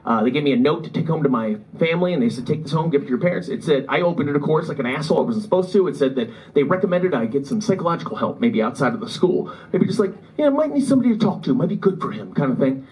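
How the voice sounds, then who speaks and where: This comic talks rapid-fire in a fairly high, slightly mellow voice, delivering rambling, self-deprecating stories in a Midwest American accent. The live recording from a comedy club with an audience is rough, and laughter rings out behind him.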